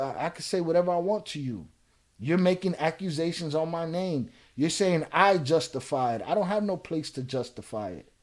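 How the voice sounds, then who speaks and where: A man hosts his own live reaction stream, his voice sitting a little higher than most men's. He swings from laid-back explaining, full of "you know," to profane, heated comebacks at viewers in the chat. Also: darkish tone. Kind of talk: casual live-stream chat, reading and answering viewer comments.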